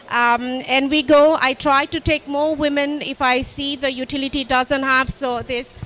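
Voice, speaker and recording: A woman's voice: sits high, bright, forceful tone. A woman in her fifties, a development bank director, speaking boldly and emphatically on a conference panel at a pavilion, with frequent fillers. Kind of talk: impassioned panel remarks.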